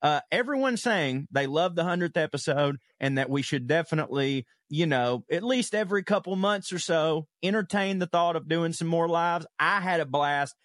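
A man's voice: fairly high pitch, animated, normal speed, few pauses, a bit bright, no echo. A man co-hosting a podcast, reading listener letters aloud in a loose, profane way with chuckles. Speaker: podcast co-host. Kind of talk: casual chat, reading listener mail.

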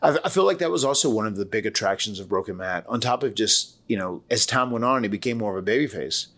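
A man's voice: lowish voice, lively intonation, fast talker, fairly bright tone. Rambling Southern man telling stories. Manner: rambling storytelling with quoted voices and restarts. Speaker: wrestler and podcast co-host. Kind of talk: casual podcast conversation.

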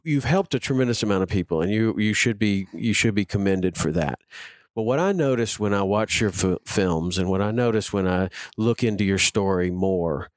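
A man's voice: on the low side, no room sound, clean studio sound. A man interviewing a guest in the guest's home, earnest and admiring, with many fillers. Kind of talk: casual interview.

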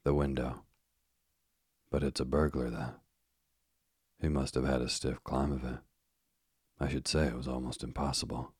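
A man reading the lines of a fussy, precise older detective in an audiobook, speaking briskly in short, clipped phrases. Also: very deep voice, little pitch movement, a little mellow, slightly rough, no room sound, clean studio sound, heavily acted. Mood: wry. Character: Hercule Poirot, fussy older Belgian detective.

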